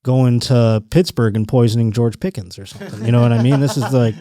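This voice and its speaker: A man's voice: medium pitch, fairly even intonation, brisk, warm tone. A man hosting a podcast in casual chat, profane, joking and rambling. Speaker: podcast host.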